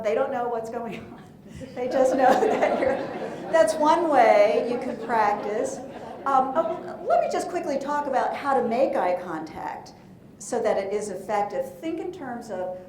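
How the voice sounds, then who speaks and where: A woman coaches a roomful of people at a conference, her talk lively and playful. She keeps asking the audience questions. Her voice carries through an echoey room over a faint low rumble. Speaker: presentation coach. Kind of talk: live conference workshop talk.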